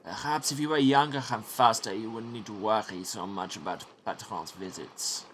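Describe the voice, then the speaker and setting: A man's voice: fairly low pitch, normal speed, a bit bright, slight background noise, close to an everyday voice. A man voicing a rude, mocking young monk with a Leicester English accent. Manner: brash, insulting.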